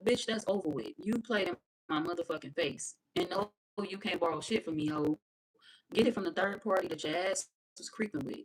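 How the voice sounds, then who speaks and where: Brash woman tarot reader, lower voice, cussing and laughing through a live reading. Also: rough recording. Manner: brash, profane, animated, laughing.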